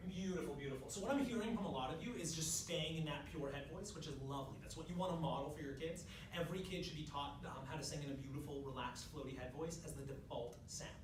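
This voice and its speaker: A man presenting a live workshop for music teachers, leading the room through exercises in a lively, demonstrative way. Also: fast talker, few pauses. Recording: echoey room from far off, clear noise and low rumble.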